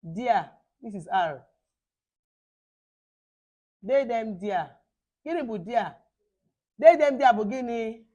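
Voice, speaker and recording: Igbo-accented woman teaching in a lively voice. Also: a little high, slow, pauses often. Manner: repeats phrases for pupils to echo, mixing English and Igbo. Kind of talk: online children's language lesson.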